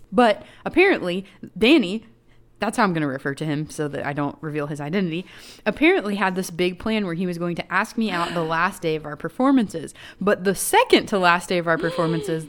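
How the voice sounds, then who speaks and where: Chatty young woman reading stories. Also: lowish voice. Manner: chatty, giggly storyteller. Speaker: podcast co-host. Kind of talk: casual chat, reading listener stories.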